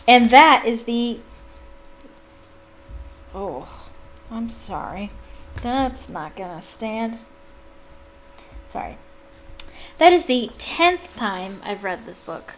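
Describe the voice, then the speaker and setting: A woman reading a novel aloud for online viewers, breaking off into animated, exclaiming asides. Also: fairly high pitch, a little hiss or hum. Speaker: YouTube reader.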